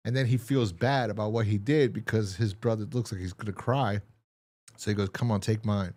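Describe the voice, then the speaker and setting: A man's voice: fairly low pitch, steady tone, brisk, a little mellow. A man co-hosting a podcast in casual chat, rambling and exasperated as he retells a TV episode and acts out its lines. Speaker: podcast co-host.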